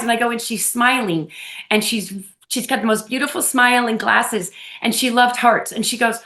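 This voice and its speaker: A woman guest on an interview, telling personal stories in an effusive, animated way and laughing often, talking over a remote call. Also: on the high side, normal speed. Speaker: podcast guest, medium. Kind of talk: casual storytelling interview. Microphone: phone or remote call.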